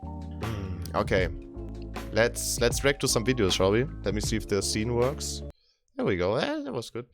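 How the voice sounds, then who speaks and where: Low-voiced laid-back male streamer. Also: unhurried, over music. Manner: keeps voice down, chill and chatty. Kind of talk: casual live-stream chat.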